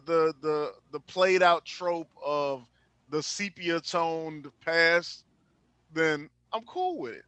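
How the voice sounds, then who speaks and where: A man's voice: on the high side, slow pace, a bit bright, clean tone, dry recording. A man co-hosting a podcast, talking casually and emphatically. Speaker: podcast co-host. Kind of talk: casual chat.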